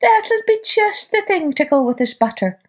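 A woman's voice: high voice, sing-song, moderate pace, voice pushed up. A woman voicing a cross, greedy country woman churning butter who exclaims and scolds in a children's storybook.

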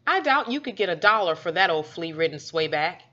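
Lady doing a sassy young woman, mocking and flippant, bright tone, lo-fi. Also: fairly low pitch, sing-song, fairly quick, full character voice. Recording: dull lo-fi recording.

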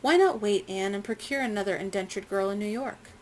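Pompous portly gentleman, impatient and dismissive, voiced by a female reader. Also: mid-range voice, fairly quick, a little hiss or hum, natural voice. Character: pompous well-fed colonial gentleman.

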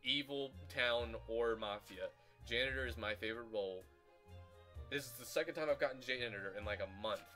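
A young man swearing and ranting furiously as he comments on his own gameplay, breaking into shouted insults. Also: mid-range voice, a little fast, faint music behind. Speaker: gaming channel host.

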